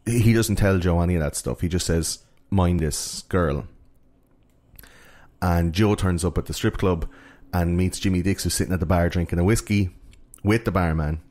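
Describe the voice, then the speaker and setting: A man with a very low voice talks through a film in casual podcast chat. He rambles, restarts and leans on filler words as he retells scenes. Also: fairly even intonation, fairly quick, few pauses, darkish tone.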